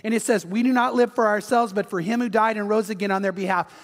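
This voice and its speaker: High-voiced animated male pastor. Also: fast, in a large hall. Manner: animated storytelling, acts out quotes, urges the audience. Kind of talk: sermon.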